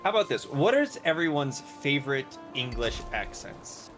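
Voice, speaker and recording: Hosting a live gaming session with music in the background, a man chats loosely, rambling with frequent laughter. His mid-range, fairly bright voice swings widely in pitch at a moderate pace.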